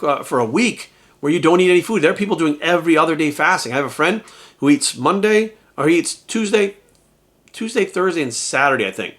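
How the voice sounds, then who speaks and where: Ranting at home in a casual vlog, a man speaks as a bodybuilding coach, swearing nonstop and throwing in rhetorical asides. He's animated, and his voice sits on the high side.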